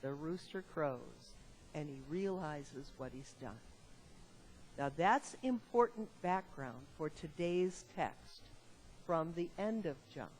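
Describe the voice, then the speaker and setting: Casting: a low-voiced woman preacher, unhurried, conversational sermon. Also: a little hiss or hum. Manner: lively, conversational, asks the audience questions.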